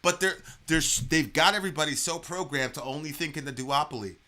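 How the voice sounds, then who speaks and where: A man's voice: on the high side, fairly quick. A man delivering a heated political rant, swearing freely and stumbling over restarts and fillers. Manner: animated, profane, many fillers and restarts.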